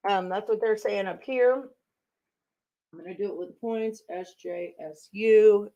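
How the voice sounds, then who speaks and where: This woman's mid-range voice is mellow and a little slow as she hosts a live sports betting stream. She chats with viewers in a casual way, thinking out loud as she goes through her picks.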